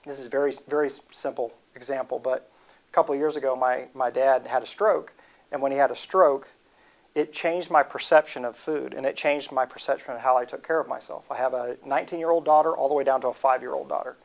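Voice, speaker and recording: A man's voice: medium pitch, fairly even intonation, fast, creaky. A man in his forties giving a humorous motivational talk, rambling and joking and breaking off mid-sentence. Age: 40s.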